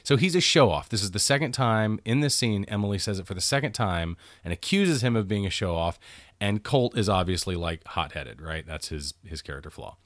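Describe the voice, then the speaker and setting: A man with a lowish voice talks through a film in relaxed podcast chat. He picks apart scenes with a chatty, analytical bent and laughs easily. The sound is dry and close, with no room around it. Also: brisk, no room sound. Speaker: podcast co-host. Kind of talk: casual movie commentary chat.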